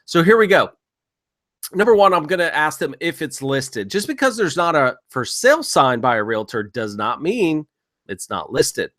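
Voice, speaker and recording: Guy with a kinda high voice doing a laid-back software tutorial, coaching folks on calling sellers. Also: big pitch swings, normal speed. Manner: casual, coaching, acts out sample phone lines. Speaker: software trainer and real estate investor. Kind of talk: screen-share software tutorial.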